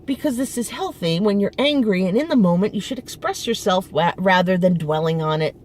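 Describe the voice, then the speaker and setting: A middle-aged woman vents outdoors in front of her apartment, frustrated and emphatic, often restarting her sentences. Her voice sits at an ordinary middle pitch, with a faint noise around her. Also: expressive, a little fast, darkish tone. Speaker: vlogger. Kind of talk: casual personal venting.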